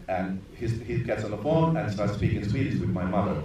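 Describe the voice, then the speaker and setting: A middle-aged man from Finland, a film director telling stories at a screening Q&A, animated and laughing often. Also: lowish voice, fairly quick. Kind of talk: live anecdote on stage. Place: large echoey cinema hall. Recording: distant, echoey theater recording with noise.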